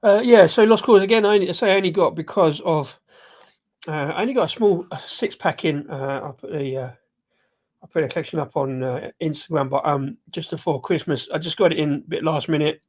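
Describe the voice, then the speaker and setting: A man hosting a casual live beer review talks a little fast in a darkish voice on the high side. He tastes and sips the beer throughout, rambling hesitantly with plenty of ums, restarts and self-corrections.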